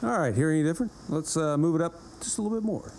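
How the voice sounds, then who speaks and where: A man's voice: fairly high pitch, animated, racing. A man hosting a guitar pedal demo, chatting casually and thinking aloud between riffs, often correcting himself. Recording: electric guitar music loud behind. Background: loud electric guitar playing.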